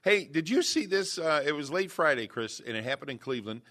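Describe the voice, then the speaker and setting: Male radio host, bright forceful tone, casual banter. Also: a little high, sing-song, a little fast. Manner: bright, joking, loose delivery with fillers. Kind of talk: casual sports radio chat.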